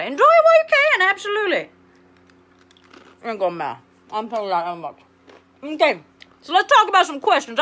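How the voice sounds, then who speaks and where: Woman as brassy former schoolteacher, improv monologue, sassy and blunt, high and sharp-toned. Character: brassy blunt middle-aged female ex-schoolteacher. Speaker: comedic livestream host character.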